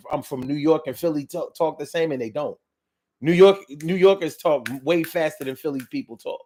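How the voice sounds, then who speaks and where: A man from Philadelphia with a Philly accent, talking casually as host of a monologue show, repeating phrases and drawing out words. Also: high voice. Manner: animated, repeats phrases, drawls words for effect.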